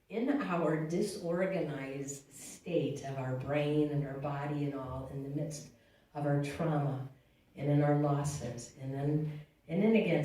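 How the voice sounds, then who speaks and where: A woman with a low, mellow voice gives a reflective talk on grief at church, halting and restarting as she goes. She sounds far from the mic in a very echoey room, with a faint hiss behind her. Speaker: guest speaker.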